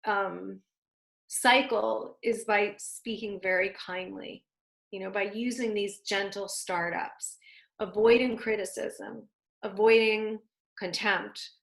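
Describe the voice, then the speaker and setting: A woman's voice: mid-range voice, vocal fry, fairly bright tone. Woman teaching a relationship class, roomy echo. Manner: conversational, acts out spouses' quoted lines. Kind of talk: online class lecture.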